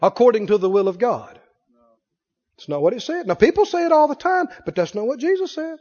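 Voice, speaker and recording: A man's voice: very high voice, animated, a little mellow. A man preaching a sermon as pastor, who keeps asking his congregation questions. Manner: asks the congregation rapid questions. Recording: dull recording in a reverberant hall.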